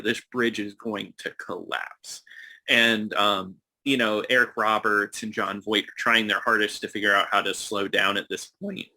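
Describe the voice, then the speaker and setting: A man's voice: medium pitch, sharp tone. A man co-hosting a movie podcast in casual chat, talking with enthusiasm and many fillers. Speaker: podcast co-host.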